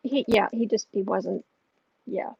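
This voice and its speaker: Gravelly American woman livestream host. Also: mid-range voice, a little slow, no echo. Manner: rambling, reads out viewer questions; soft cooing baby talk to her cat. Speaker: astrology and tarot livestream host. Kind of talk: casual livestream chat. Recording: muffled lo-fi mic, dry room.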